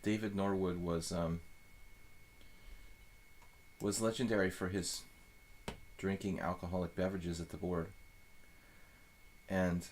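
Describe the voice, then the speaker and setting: This is a man with a low, deep voice streaming live chess commentary. He muses out loud in a loose, rambling way, trailing off and restarting his sentences. A faint hiss of noise sits under his voice. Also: little pitch movement, takes it slowly, long pauses. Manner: thinks aloud, rambling with fillers.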